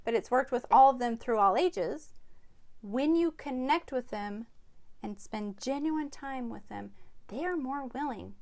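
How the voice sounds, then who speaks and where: A woman's voice: high-pitched, expressive, unhurried, a little mellow. Upbeat, emphatic woman in her forties, podcast chat. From United States. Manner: upbeat, emphatic, laughs often. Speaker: podcast co-host, parent.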